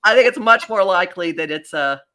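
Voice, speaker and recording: A woman hosting a podcast as a psychic astrologer, talking in a rambling, animated way with many restarts. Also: on the low side, fairly quick. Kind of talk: casual podcast chat.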